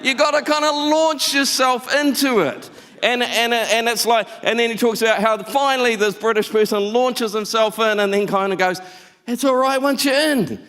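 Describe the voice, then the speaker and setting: High-voiced pastor in a reverberant church hall. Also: male voice, normal speed, clear, resonant tone. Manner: animated storytelling, conversational. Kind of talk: sermon. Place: church auditorium.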